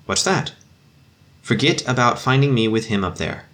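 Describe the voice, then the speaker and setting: A man reading a story voices a worn-out army doctor who asks a favor quietly and earnestly. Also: medium pitch, animated, moderate pace, natural voice.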